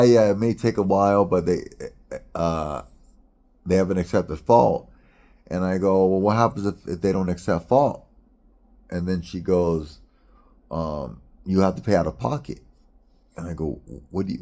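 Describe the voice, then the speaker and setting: A man's voice: low voice, moderate pace, pauses often, dark tone. A middle-aged man from the United States telling a long, frustrated story in a rambling, profane way with many restarts. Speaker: vlogger. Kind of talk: casual storytelling rant.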